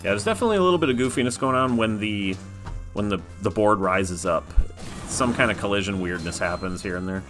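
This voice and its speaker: A man's voice: lowish voice, lively intonation, quick pace, a bit bright, soft background music. A man casually commenting on his own game during a livestream, rambling and laid-back, with the odd swear. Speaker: game developer streamer.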